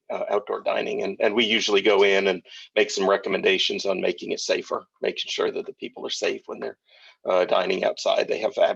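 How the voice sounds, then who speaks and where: City official on a call, gravelly husky voice, halting, lots of uhs, lo-fi sound. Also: male voice, lowish voice, a bit bright. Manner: halting, many "uh" fillers. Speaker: city deputy director. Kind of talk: official remarks at an online meeting. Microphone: video call. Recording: muffled lo-fi call audio.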